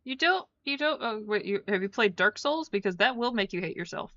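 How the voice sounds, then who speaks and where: A woman streaming a video game chats casually with her viewers and her pet. Her voice sits at an ordinary female pitch. The sound is dry and slightly dull, like a basic home mic. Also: expressive, fairly quick, a bit bright, no echo, soft background music. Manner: chatty, talks to her pet and her chat. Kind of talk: casual gameplay stream commentary.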